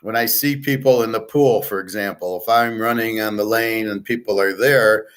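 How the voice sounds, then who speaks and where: A man's voice: lowish voice, fairly even intonation, normal speed, fairly bright tone. Blunt, profane middle-aged man. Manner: blunt, profane, rambling with many fillers. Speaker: sports betting host. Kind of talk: casual monologue.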